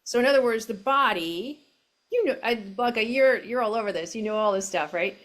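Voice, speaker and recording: A middle-aged woman coach speaking gently and reflectively as an interview guest, over a video call from home. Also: fairly high pitch, expressive, a little fast. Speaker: self-compassion coach. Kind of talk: interview guest, casual explanation.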